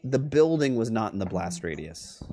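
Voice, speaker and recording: A man running a tabletop game, narrating scenes slowly for suspense and laughing between lines. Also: on the low side, sing-song, mellow, no echo. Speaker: game master.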